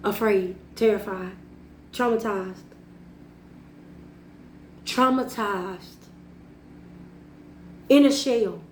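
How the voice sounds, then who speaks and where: A woman's voice: mid-range voice, drawn-out words, pauses often, slight background noise. A woman sharing a personal reflective monologue in an earnest, repetitive way, laughing at herself at times. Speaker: vlogger. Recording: echoey room.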